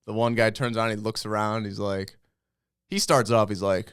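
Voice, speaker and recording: A man's voice: lowish voice, fairly even intonation, moderate pace, fairly bright tone, clear, resonant tone, no echo, clean studio sound. A young man co-hosting a podcast, telling anecdotes in casual chat, acting out the people in them and swearing freely. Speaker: podcast co-host.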